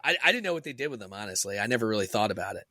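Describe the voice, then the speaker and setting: A man's voice: on the low side, sing-song, racing, pushed and bright, dry recording, clean studio sound. A man co-hosting a casual podcast, bantering with profanity and frequent laughter. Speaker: podcast co-host. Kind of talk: casual chat.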